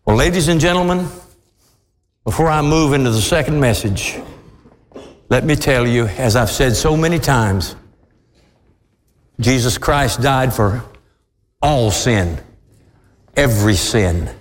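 A man preaching a fiery, old-fashioned sermon, swinging between shouted peaks and low, drawn-out lines. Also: animated, in a large hall, a little hiss or hum.

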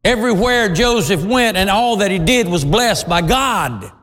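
A man preaching a sermon as pastor, dramatic and storytelling, bursting into shouts now and then. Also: high voice, lively intonation, measured pace. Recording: long hall reverb.

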